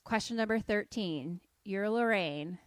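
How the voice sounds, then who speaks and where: A woman's voice: mid-range voice, a little slow, no room sound. A young woman co-hosting a podcast, casually retelling a film in a chatty way, with lots of fillers. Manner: chatty, with frequent "like" fillers and swearing. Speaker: podcast co-host.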